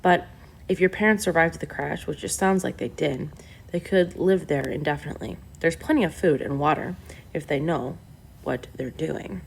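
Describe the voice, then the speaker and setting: A woman with a low, gravelly voice voicing a helpful teenage boy who explains things matter-of-factly in a storybook reading. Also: moderate pace, heavily acted. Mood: earnest.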